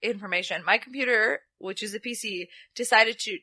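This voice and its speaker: A woman's voice: medium pitch, fairly quick, breathy edge. A young woman co-hosting a podcast, animatedly recapping a wrestling show in casual chat and acting out the quotes. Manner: animated storytelling, acts out quotes, laughs a lot. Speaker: podcast co-host.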